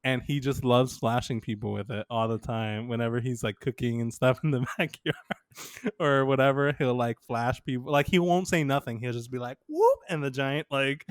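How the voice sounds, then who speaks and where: This podcast co-host speaks in a smooth, mid-range voice at a moderate pace, recorded cleanly in a studio with no room sound. In casual conversation he spins lively stories, laughing a lot and performing the quotes.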